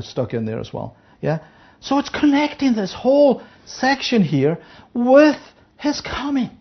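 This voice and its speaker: Speaking with a fairly high, slightly rough voice, a woman teaches the Bible in a conversational sermon. She reads verses aloud, explains them, and keeps asking her listeners "Yeah?" The recording's highs are cut off.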